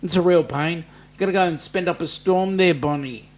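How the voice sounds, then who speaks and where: An Australian man with a slightly raised pitch chats casually on a live stream, reading out viewer comments one by one. He talks back to them in a loose, easygoing way, with lots of "mate" and "um". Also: moderate pace. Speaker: livestream host reading chat. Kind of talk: casual livestream chat.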